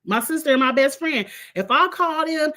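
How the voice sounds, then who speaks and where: Chatting casually, an Illinois woman recaps reality TV with blunt, sassy opinions, her accent mixing Midwestern and Southern US. She talks at normal speed in a high, animated voice that sounds pushed and bright.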